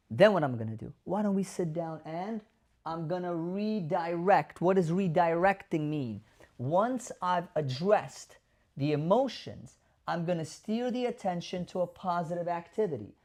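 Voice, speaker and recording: A man's voice: a little high, expressive, measured pace, a little mellow. Emphatic man explaining caregiving tips. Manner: emphatic, acts out sample caregiver dialogue. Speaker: doctor hosting a caregiver advice show. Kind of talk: direct-to-camera explainer.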